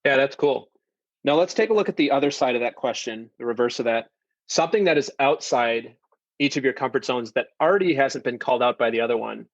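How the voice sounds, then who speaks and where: A man's voice: mid-range voice, a little fast, no room sound. Chatty male podcast host, muffled sound. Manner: chatty, rambling with restarts. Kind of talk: casual interview chat.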